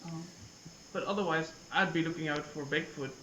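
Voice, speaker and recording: A man's voice: on the high side, normal speed, pushed and bright, reverberant, slight background noise, rough recording. A man playing a tabletop game, tentative and playful as he describes what his character does. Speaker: player.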